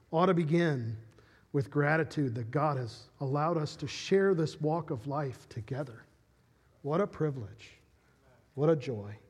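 A man preaching a sermon as pastor, teaching earnestly and often restarting phrases. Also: high-pitched. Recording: reverberant hall.

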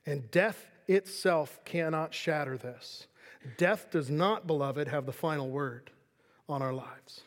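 Male pastor, earnest sermon delivery, high voice, reverberant sanctuary. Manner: earnest preaching, reads scripture slowly, drops to quiet emphasis.

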